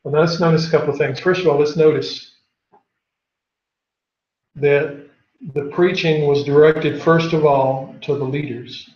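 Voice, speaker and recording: A man with a somewhat high voice leads a Bible class in an echoey room. He reads scripture aloud and then asks the class questions. The recording is dull and lo-fi. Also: fairly even intonation, a little slow, pauses often, a little mellow.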